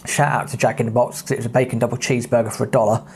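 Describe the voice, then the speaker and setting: An English man in his thirties tells travel stories with a medium-pitched voice. He talks in a loose, chatty way, blunt and quick with a dry jab. He sounds like a podcast host looking back on an old trip. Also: little pitch movement, creaky, a little mellow, breathy edge. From England. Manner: chatty and blunt, with British slang. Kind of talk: casual travel storytelling.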